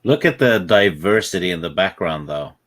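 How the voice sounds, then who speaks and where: A man with a very low, deep voice joining a casual chat show. He adds short, dry, wry remarks to the conversation. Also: expressive, normal speed, a bit bright. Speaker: podcast co-host.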